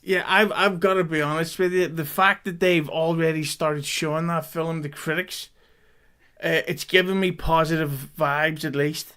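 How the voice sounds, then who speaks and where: Wry man with a smooth voice. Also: a little high, steady tone, moderate pace, pushed and bright. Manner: wry, dry critical commentary. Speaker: podcast co-host. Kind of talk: casual chat.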